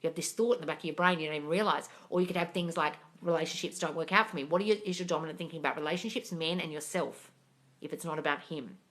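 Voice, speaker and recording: A low-pitched, fast-talking woman with a slightly bright voice coaches manifesting during a livestream. Working through viewers' comments, she's blunt and foul-mouthed while calling each of them darling.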